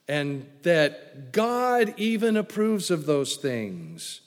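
A man preaching a sermon emphatically, swinging from loud declarations to hushed lines. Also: a little high, sing-song, extremely slow, hardly any pauses. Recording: long hall reverb.

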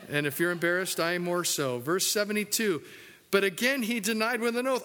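A male pastor preaching a folksy, joking sermon, dropping low and soft for the solemn points. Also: brisk, long reverb tail.

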